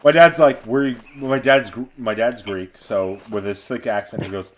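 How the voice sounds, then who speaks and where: A man's voice: medium pitch, moderate pace, slight background noise. A man streaming a game and chatting casually with friends, telling stories with lots of energy and laughter. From United States. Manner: animated, laughing storyteller.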